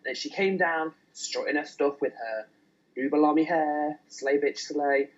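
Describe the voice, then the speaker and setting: A man co-hosting a casual wrestling podcast, excitable and stumbling over his words. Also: a little high, unhurried, dull audio. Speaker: podcast co-host.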